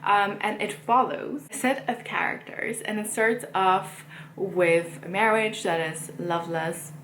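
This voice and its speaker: A woman's voice: mid-range voice, fairly even intonation, unhurried, a bit bright, slight background noise. Chatty woman book vlogger, echoey room. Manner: chatty, rambling, frequent ums and likes. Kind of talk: casual book chat.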